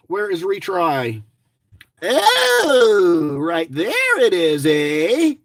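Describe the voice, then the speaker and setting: A man's voice: high-pitched, huge pitch swings, very slow, no echo, clean studio sound. A middle-aged man giving chatty, rambling running commentary to his viewers, grumbling and joking as he goes. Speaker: lottery scratch-off vlogger.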